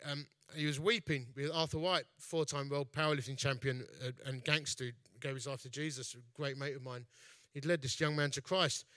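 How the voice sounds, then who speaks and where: A man's voice: on the high side, steady tone, brisk, few pauses, fairly bright tone, no room sound. A man preaching in a chatty, jokey storytelling way. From East London, England. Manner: jokey, chatty, self-mocking. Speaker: evangelist speaker, festival founder. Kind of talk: storytelling sermon.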